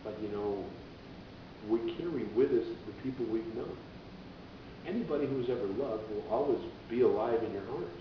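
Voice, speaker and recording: A man, a radio DJ and musician, telling stories in a rambling, casual way as an interview guest. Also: normal speed. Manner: rambling, acts out voices in quotes. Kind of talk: casual conversational storytelling. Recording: echoey, dull, distant with low rumble.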